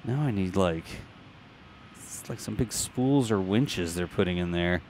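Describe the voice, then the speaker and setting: Guy doing casual voice-over, jokey, thinking out loud, kinda low voice. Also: unhurried, a little hiss or hum. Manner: chatty, jokey, thinking aloud. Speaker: host narrating launch site footage.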